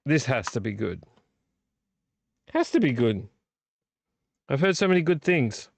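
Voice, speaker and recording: A man hosting a live stream late at night, a little tipsy and rambling as he teases a viewer by name. His pitch sits in an ordinary middle range, and the sound is dry and close, with almost no room around it. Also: sing-song, measured pace, creaky, dry recording. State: tipsy from drinking. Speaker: vlog host.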